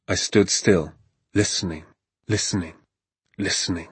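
A man narrating a storybook in a hushed, suspenseful manner. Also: lowish voice, a little slow, breathy edge, no room sound.

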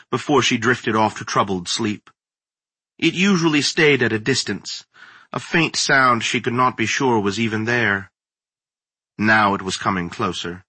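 A man reading a horror story aloud in a slow, deliberate, suspenseful manner. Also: medium pitch, sharp tone, husky, no room sound. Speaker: narrator. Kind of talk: scripted horror story narration.

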